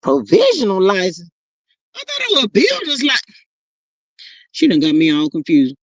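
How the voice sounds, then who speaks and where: A sassy, animated woman runs a casual live stream, reading the chat aloud and calling viewers honey and child. Her mid-range voice moves at normal speed with long pauses, recorded without room sound.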